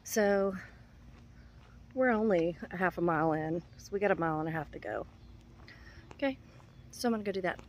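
A lowish-voiced woman talks at normal speed, pausing often, over a little hiss or hum. As a vlogger, she chats casually to a handheld phone camera while walking a neighborhood road outdoors, slightly out of breath.

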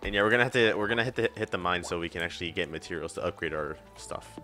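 A young man playing a farming game with a friend, excitable, laughing often and swearing. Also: deep voice, very fast, soft background music. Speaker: co-op gamer. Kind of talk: casual let's-play banter.

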